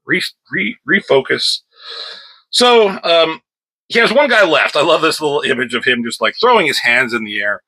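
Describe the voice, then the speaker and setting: Casual bright-voiced man reviewing comics. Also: mid-range voice, unhurried, long pauses, rough recording. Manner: rambling and offhand, stops to scold his cat.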